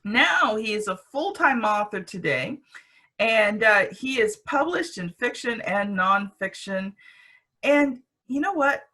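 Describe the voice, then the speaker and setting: A woman's voice: fairly high pitch, lively intonation, takes it slowly, sharp tone. A woman with a Canadian accent hosting a podcast, introducing her guest with enthusiasm. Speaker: podcast host.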